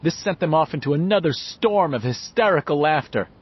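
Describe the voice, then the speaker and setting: A man narrating an audiobook with expressive storytelling. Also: a little high, brisk, husky. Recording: slightly muffled, dull audio.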